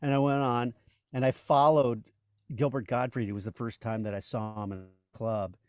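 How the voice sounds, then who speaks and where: A man's voice: medium pitch, steady tone, normal speed, clean tone, no room sound, studio quality. A man in his sixties, a voice actor and comedian, telling stories as a guest in a casual interview, rambling with many "you know"s and restarts.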